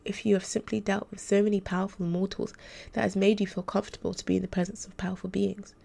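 A woman's voice: medium pitch, little pitch movement, fast, creaky, mellow. A woman reading the part of a troubled young female angel tutor in a formal, hesitant, restrained way. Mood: earnest.

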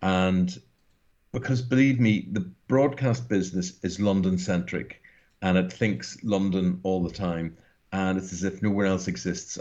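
Speaking low with a darkish tone, a Northern Irish guest broadcaster in his sixties chats casually in an interview. His manner is earnest, emphatic and wandering, heard through a muffled recording.

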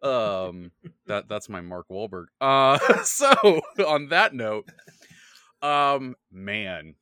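A man hosting a casual podcast chat, excitably rambling as he recaps the tabletop campaign he runs as game master. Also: mid-range voice, slow pace, clean tone, no room sound, clean studio sound.

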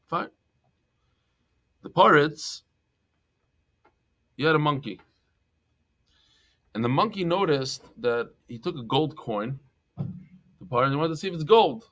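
A man leads a Talmud class with a slightly higher voice. He talks in a lively, joking way, telling stories and sprinkling his with Hebrew and Yiddish terms. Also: normal speed, pauses often. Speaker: Talmud teacher.

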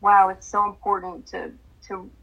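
A young woman co-hosting a podcast, chatting expressively in a husky voice. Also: medium pitch, completely flat delivery, moderate pace, fairly bright tone, muffled recording. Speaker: podcast co-host. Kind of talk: casual chat.

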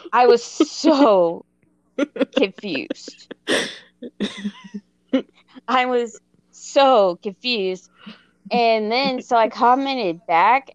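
A woman in her thirties, co-hosting a casual chat, telling a story in an animated, self-mocking way and laughing as she goes. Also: mid-range voice, clear, resonant tone, dry recording, lo-fi sound. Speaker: podcast co-host.

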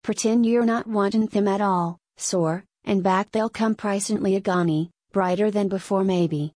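A woman's voice: mid-range voice, moderate pace, a little mellow, no room sound, studio quality, natural voice. A woman voicing a shy, eager young Irish serving boy who keeps calling his master "sor". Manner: humble, says "sor" often.

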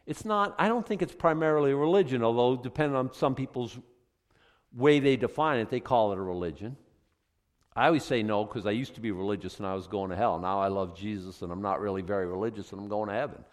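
A male pastor giving a conversational sermon, animated and chatty, full of rhetorical questions, in a church sanctuary. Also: lowish voice, fast. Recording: long reverb from a hall.

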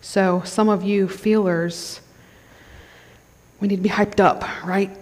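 A woman's voice: medium pitch, moderate pace, breathy edge. Chatty woman preaching in an echoing hall. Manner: conversational, checks in with the crowd. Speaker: conference speaker. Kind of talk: sermon. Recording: long hall reverb.

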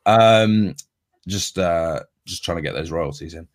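A man's voice: sits low, a little slow. A man co-hosting a casual sports podcast, rambling with lots of ums and restarts. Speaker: podcast co-host.

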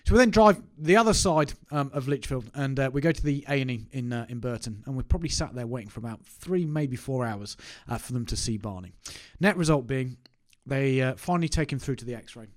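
Animated and slightly quick, a man with a medium-pitched voice shares a casual, self-deprecating anecdote to camera. He's a vlogger who runs his own business.

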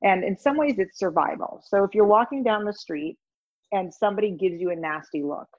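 A woman's voice: medium pitch, brisk, no echo, highs cut off. A woman guest in an interview, telling stories with animation and acting out the voices of people in them. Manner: animated storyteller, acts out voices in anecdotes. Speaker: guest, communication consultant. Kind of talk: conversational storytelling interview.

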